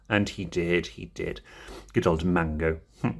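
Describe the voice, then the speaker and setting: A man's voice: low-pitched, fairly even intonation, a little slow, creaky, husky. A man casually showing his plush toy collection in a rambling way, chuckling often. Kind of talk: casual show-and-tell.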